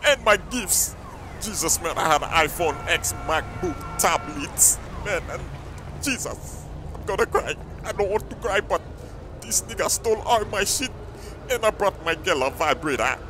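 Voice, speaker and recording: A man voicing a bewildered young man who complains loudly and whines after being robbed, in a comedy skit. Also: sits high, animated, moderate pace, noisy background. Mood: disbelieving. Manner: loud, disbelieving, whiny.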